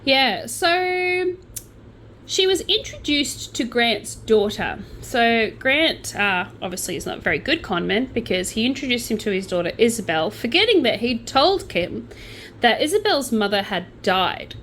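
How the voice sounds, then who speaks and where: A woman's voice: fairly high pitch, sing-song, normal speed, fairly bright tone, slight background noise, low-quality recording. A young Australian woman hosting a true crime channel, telling the story in a casual, chatty way with sardonic asides.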